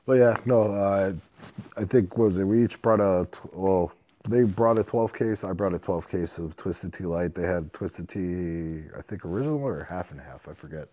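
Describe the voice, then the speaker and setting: A man co-hosting a podcast in casual chat, telling a rowdy story with lots of laughter, swearing and loud acted-out quotes, a bit tipsy. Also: low voice, normal speed. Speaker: podcast co-host.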